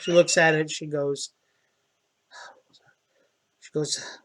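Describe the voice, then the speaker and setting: A man running a tabletop game as dungeon master, describing scenes in a relaxed way with hesitant fillers. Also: a little high, takes it slowly, pauses often, a little hiss or hum.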